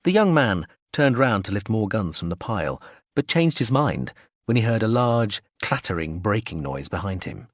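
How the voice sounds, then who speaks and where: This is scripted narration of a sci-fi audiobook by a man with a lowish voice, delivered with measured, expressive storytelling. The studio recording is clean, with no room sound.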